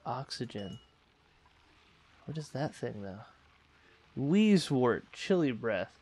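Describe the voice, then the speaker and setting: A man's voice: mid-range voice, sing-song, takes it slowly, a little mellow, breathy edge, no room sound. A man hosting a let's play, thinking aloud and correcting himself as he manages a space colony game. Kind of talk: casual gameplay commentary.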